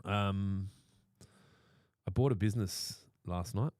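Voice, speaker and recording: A man's voice: sits low, takes it slowly, darkish tone, no room sound, studio quality. An Australian man co-hosting a casual talk show, brash and profane, speaking bluntly and cracking crude jokes. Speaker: podcast co-host.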